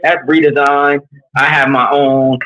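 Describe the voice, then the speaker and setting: A man's voice: fairly high pitch, measured pace, low-quality recording. Earnest man from New York coaching. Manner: earnest, animated storytelling. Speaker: leadership coach. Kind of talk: candid conversational interview.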